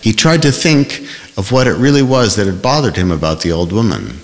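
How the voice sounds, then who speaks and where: A man narrates a literary novel in a fairly low voice. His delivery is expressive, with a wide, moving pitch. A long reverb trails each phrase. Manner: measured, expressive reading. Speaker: audiobook narrator. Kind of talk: scripted narration.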